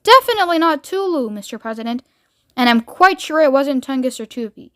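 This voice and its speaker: Storybook reading: woman as a jittery, deferential male interpreter, quick and high, dry close sound. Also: animated, no echo. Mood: nervous. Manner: hurried, timid. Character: nervous, deferential man interpreter.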